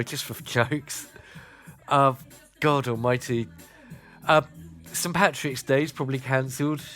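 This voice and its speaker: A man's voice: mid-range voice, a bit bright. A man with a southern English accent from Kent and Sussex, chatting casually as a radio host between songs, with many "uh" fillers. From South East England. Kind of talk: casual music radio chat.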